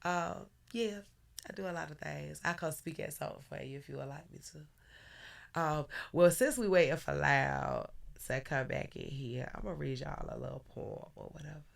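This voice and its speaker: A woman hosting a casual live podcast, giving loud, playful shout-outs to listeners and sponsors. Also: low-pitched, normal speed, gravelly. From Virginia. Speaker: podcast host.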